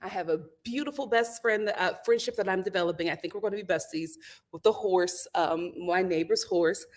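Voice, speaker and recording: A woman's voice: lowish voice, a little fast. A woman hosting a casual live stream, reading out viewer comments and making dramatic, laughing outbursts. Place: home.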